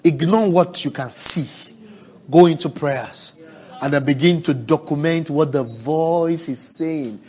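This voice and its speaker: A man preaching a sermon, asking the congregation for responses and swinging from hushed, drawn-out words to loud cries. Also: on the high side, breathy edge. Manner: preaching with call-and-response, swelling to shouts.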